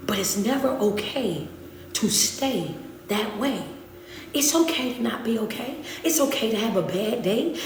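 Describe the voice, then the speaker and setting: A woman motivational speaker, giving a preachy, repetitive pep talk to a live-stream audience and swinging between loud and hushed. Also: mid-range voice, distant mic, slight background noise. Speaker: motivational speaker and life coach. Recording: echoey room, away from the mic.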